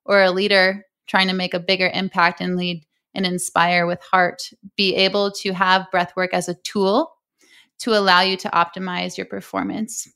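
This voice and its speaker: A woman's voice: fairly low pitch, little pitch movement, normal speed, creaky, bright, forceful tone, smooth. A young adult woman, a breathwork coach, telling a personal story earnestly in an interview.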